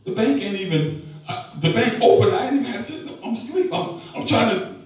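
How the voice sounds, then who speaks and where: A man in his fifties preaching a sermon, telling a personal story in a folksy, emphatic way with sudden shouts. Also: sits high, very animated, a little fast. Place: large echoey church hall. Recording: echoey hall, voice from far off.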